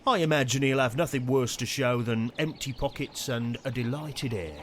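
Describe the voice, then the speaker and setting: An actor playing an officious, condescending police sergeant in a video game, reading out a report, with game audio faintly under a streamer. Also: male voice, mid-range voice, moderate pace, fairly bright tone, a little hiss or hum, close to an everyday voice.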